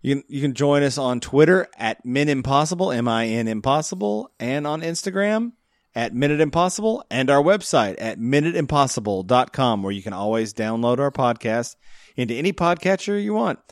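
A man's voice: mid-range voice, sing-song, moderate pace, no echo, clean studio sound. A man hosting a casual podcast chat, joking around and laughing often. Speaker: podcast host.

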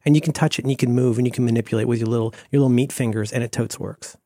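A man's voice: medium pitch, fairly even intonation, rapid-fire, warm tone, no room sound, clean studio sound. A man co-hosting a podcast in casual chat, playful and joking, always running bits. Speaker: podcast co-host.

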